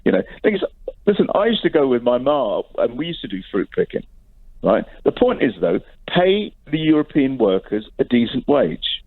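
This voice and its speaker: A man's voice: mid-range voice, big pitch swings, moderate pace. A man calling in to a radio show, ranting and rambling in despair. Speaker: caller. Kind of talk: phone-in call. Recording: tinny phone line.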